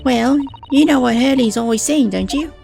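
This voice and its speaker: A bright, eager young girl, put on by a man reading game lines aloud. The voice sits well above a man's usual range with a gravelly, fried edge. She chatters warmly and fondly, with faint music behind. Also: extremely high pitch, moderate pace, voice pushed up, full character voice. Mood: thoughtful. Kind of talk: reading game dialogue aloud on a live stream.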